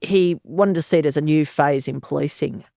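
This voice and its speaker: A woman's voice: sits low, moderate pace, gravelly, warm tone, no echo, studio quality. An Australian woman in her sixties, a former detective, telling her story frankly and bluntly in an interview. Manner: frank, blunt, earthy, with sighs and laughs. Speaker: former police detective, guest.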